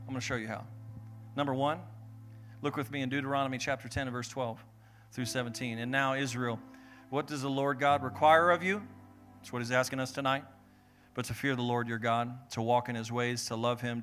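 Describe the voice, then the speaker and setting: A young adult man preaching a sermon, telling stories and acting out voices with lively delivery. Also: medium pitch. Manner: animated storytelling, acts out voices. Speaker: pastor.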